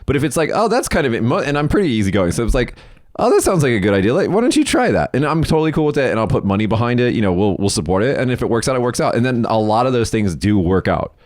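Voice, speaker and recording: A man co-hosting a podcast, telling stories in a casual, animated and profane way. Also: medium pitch, racing, few pauses, no echo, clean studio sound. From United States. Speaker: podcast co-host.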